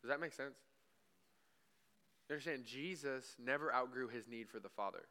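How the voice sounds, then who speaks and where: A man preaching in a church, talking to the room like he's chatting with friends and checking in with "right?" every few lines. His voice is bright and forward, and it stays smooth and clear. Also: mid-range voice, moderate pace. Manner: conversational preaching with frequent "right?" asides; acts out imagined dialogue with God. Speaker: pastor. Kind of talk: sermon.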